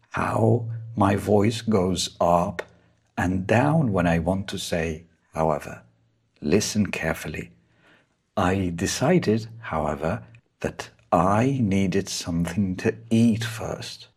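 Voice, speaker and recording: A man's voice: deep voice, slightly rough. A man teaching an English lesson, explaining punctuation rules carefully and reading out example sentences mark by mark. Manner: careful, deliberate, spells out each punctuation mark.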